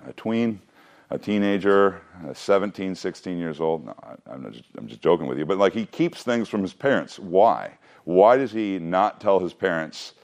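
A man teaching a Bible class, mixing reading with joking asides and questions to the students. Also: sits low.

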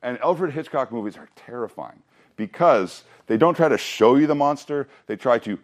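A man teaching a Bible class in a relaxed, conversational way. His voice sits at an ordinary middle pitch. He keeps turning to the room with questions and small jokes. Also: moderate pace. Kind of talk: casual teaching to a group.

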